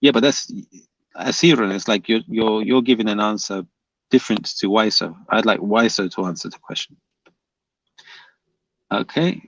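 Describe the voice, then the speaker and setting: A man hosting a livestream, pressing his chat with repeated questions and reading their comments aloud. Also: medium pitch. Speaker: livestream host debating chat. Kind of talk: casual livestream debate. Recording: dull lo-fi dry sound.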